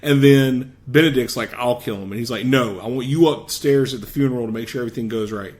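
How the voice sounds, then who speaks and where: A man's voice: mid-range voice, quick pace, darkish tone. A man co-hosting a podcast, animatedly recapping a movie and acting out its scenes in big voices. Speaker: podcast co-host. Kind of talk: casual movie recap chat.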